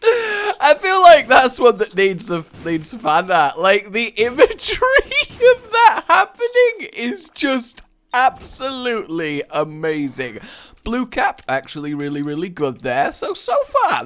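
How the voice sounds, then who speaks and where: A man's voice: sits high, very animated, measured pace, a bit bright. Young guy doing game commentary, goes off on silly tangents, voice jumps all over the place. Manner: rambling, jokey, easily sidetracked. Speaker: let's play host. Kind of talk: casual gameplay commentary.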